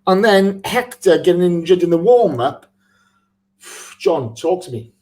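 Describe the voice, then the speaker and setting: A man's voice: high voice, lively intonation, unhurried, darkish tone. A man hosting a casual live football podcast, laughing often and reading out listener messages. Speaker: podcast host.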